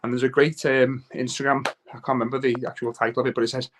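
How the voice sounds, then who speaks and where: A man's voice: mid-range voice, level tone, fast talker. A man speaking as a guest father on a talk show, earnest and rambling, with many restarts and self-corrections. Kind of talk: casual talk-show chat.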